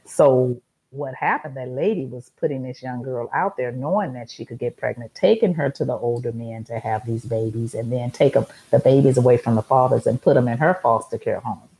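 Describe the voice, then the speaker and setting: A woman's voice: a bass voice, brisk, warm tone, husky, low-quality recording. A middle-aged woman hosting a talk show, telling a story in an emphatic, repetitive monologue.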